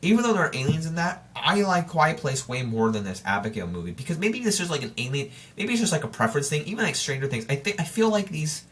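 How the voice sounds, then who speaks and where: A man's voice: fairly high pitch, big pitch swings, quick pace, few pauses, fairly bright tone. A man hosting a solo podcast in casual chat, talking straight to his listeners and rambling, with frequent restarts and self-corrections. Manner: informal and chatty, addressing listeners directly. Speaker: podcast host.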